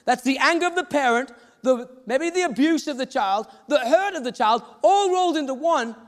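A man's voice: extremely high pitch, lively intonation, moderate pace. A man preaching a sermon, telling stories and acting out the voices of the people in them. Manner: storytelling, acts out quoted voices. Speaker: pastor. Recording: reverberant hall.

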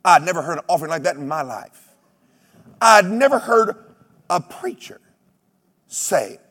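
A man preaching a sermon, telling stories with humor, mimicking other preachers and breaking into shouted exclamations. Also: fairly high pitch, unhurried, pauses often, husky, long reverb tail. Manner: animated storytelling with shouted exclamations.

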